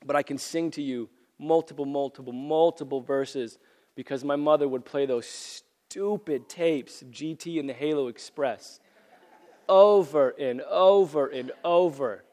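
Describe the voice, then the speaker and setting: A man preaches with earnest conviction, circling back on his phrases to drive them home. His voice sits a little high for a man and is frayed by a cold that is costing him his voice. It rings out with the long reverb of a large church hall. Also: unhurried, darkish tone. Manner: earnest, repeats phrases for emphasis. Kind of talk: sermon.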